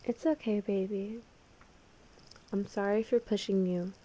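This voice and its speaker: A woman's voice: medium pitch, steady tone, a little slow, warm tone, close to an everyday voice. A woman voicing a pushy but affectionate young man who coos and coaxes, in a podfic reading. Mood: soothing.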